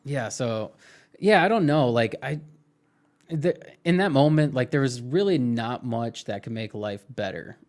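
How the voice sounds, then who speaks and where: A young man guest on a podcast, recalling his past in a reflective, halting way with many fillers. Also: medium pitch, animated, darkish tone. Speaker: interview guest. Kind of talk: casual podcast interview.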